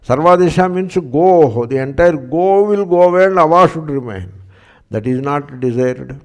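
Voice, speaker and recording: An older man with an Indian English accent gives a patient, explanatory lecture, pausing to check that his listeners follow. His voice has a gravelly edge. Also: a little high, lively intonation. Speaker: Sanskrit teacher. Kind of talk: lecture on scripture and grammar.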